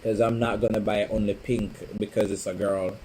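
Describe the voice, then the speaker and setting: A man's voice: fairly low pitch, level tone, moderate pace, background noise. A man chatting casually on a home live stream, teasing and calling out to viewers by name. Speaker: livestream host. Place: home, indoors.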